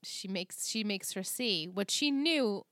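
امرأة تروي بحماس وتقلّد الشخصيات. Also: female voice, medium pitch, measured pace, no room sound, studio quality. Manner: animated storyteller, acts out characters' lines. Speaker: podcast co-host. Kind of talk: casual recap chat.

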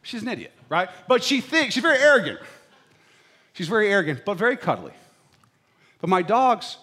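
A man's voice: sits high, sing-song, fairly quick, long pauses, pushed and bright. A middle-aged man preaching a sermon in a chatty, playful way, often checking in with the congregation. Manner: conversational preaching with playful asides, checking in with "right?". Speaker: pastor.

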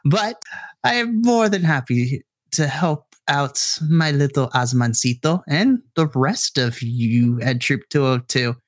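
A woman's voice: rumbling low, lively intonation, takes it slowly, no echo, clean studio sound, heavily acted. A man voicing a doting, chatty middle-aged Mexican mother who fusses over her son and his friends. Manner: fussy, sprinkles Spanish endearments. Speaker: troop member's mother.

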